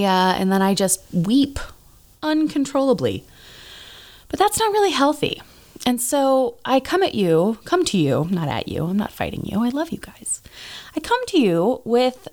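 A woman podcast host in casual chat, rambling and self-deprecating, with many fillers and restarts. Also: fairly low pitch.

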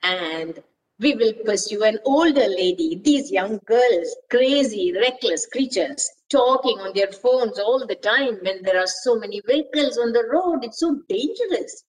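A woman's voice: a little high, expressive, measured pace. A woman voicing a bold, scheming male squirrel in a storybook reading, eager and bossy. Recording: voice distant from mic.

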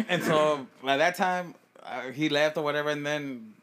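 A man's voice: on the high side, normal speed, a bit bright. A man co-hosting a podcast, telling a story in a casual, profane way, laughing often and acting out what people said. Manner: profane, laughing storyteller who acts out quotes. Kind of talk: casual chat.

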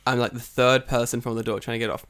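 A man's voice: mid-range voice, little pitch movement, fast talker, a bit bright, clear, resonant tone. A man telling crude stories in casual chat, acting out the people he quotes in raised voices. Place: lives and works in Japan.

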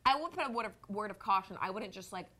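A young woman co-hosting a podcast in casual chat, bubbly and jokey, quick to laugh. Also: mid-range voice, expressive, sharp tone. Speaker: podcast co-host.

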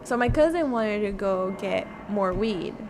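A woman's voice: mid-range voice, animated, unhurried, darkish tone, slight background noise. A woman on a podcast telling a story in casual chat, acting out her own quotes and swearing freely. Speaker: podcast guest.

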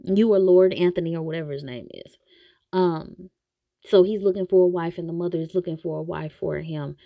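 A woman's voice: on the low side, fairly quick, vocal fry, no room sound, muffled recording. A woman hosting a podcast, ranting bluntly and with exasperation in casual opinionated commentary. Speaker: podcast host reviewing a TV series.

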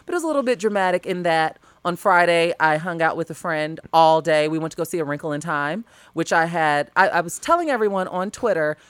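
A woman's voice: fairly low pitch, animated, fairly quick, few pauses, clear, resonant tone, no room sound. A woman from Chicago, a podcast co-host in casual chat, talking in a chatty, opinionated way.

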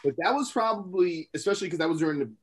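A man's voice: sits high, racing, breathy edge. A man co-hosting a podcast, reminiscing about a past episode in casual banter. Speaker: podcast co-host.

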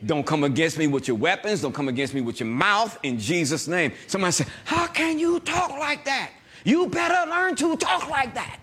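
A male pastor preaching with a high, bright voice that swings widely in pitch. He draws out scripture lines slowly and with emphasis, then turns to the congregation with quick call-and-response asides. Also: sing-song, breathy edge. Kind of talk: sermon.

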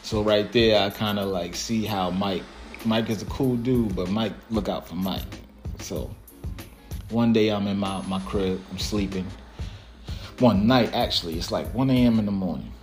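A man's voice: on the low side, normal speed, soft background music. A man casually telling a profane, laughing story about a friend and his first car. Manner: profane, laid-back and laughing.

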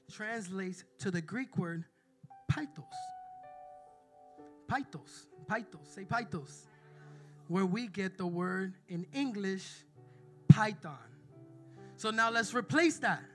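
Brief: male preacher, very high bright voice, emphatic sermon delivery, faint music underneath. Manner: emphatic, calls out to the congregation.

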